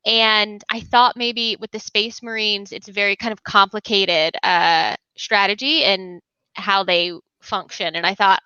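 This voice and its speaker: Bright, smooth-voiced woman guest, slightly dull line. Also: medium pitch, fairly even intonation, a little slow, no room sound. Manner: warm, laughs often, easygoing. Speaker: guest, gaming content creator. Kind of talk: casual interview chat.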